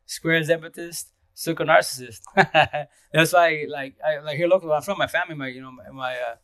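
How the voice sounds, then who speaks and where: Casual livestream host, male, rambling and slangy, quick delivery with frequent laughs. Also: on the high side, a bit bright, no room sound. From Eastern Washington, USA. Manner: rambling, slangy, laughs often, greets viewers.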